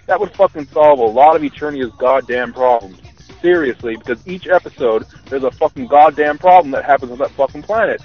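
A man's voice: on the high side, expressive, a little fast, soft background music. A man ranting profanely in a voicemail message to a podcast. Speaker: voicemail caller. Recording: muffled voicemail recording.

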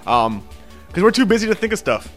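A man's voice: sits high, sing-song, brisk, faint music behind. A young man co-hosting a casual podcast, rambling with lots of fillers and swearing freely. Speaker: podcast co-host.

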